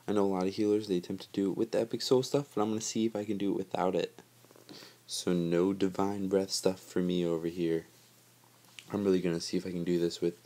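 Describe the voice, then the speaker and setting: A man's voice: low-pitched, mellow. A man giving casual, chatty gameplay commentary over his footage, joking about himself and laughing often.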